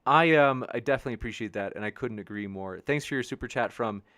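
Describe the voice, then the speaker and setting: A man's voice: medium pitch, fast talker, fairly bright tone, no echo, clean studio sound. A man hosting a debate show live stream, reading viewer comments in a rambling, upbeat way, with many restarts. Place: home studio with a backdrop sheet behind.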